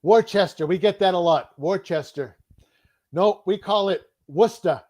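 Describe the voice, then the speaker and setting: A man's voice: sits high, a little slow, darkish tone. A man from Boston with a Boston accent, hosting a live online interview, upbeat and repeating key words as he quizzes his guest. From Boston, USA. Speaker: host.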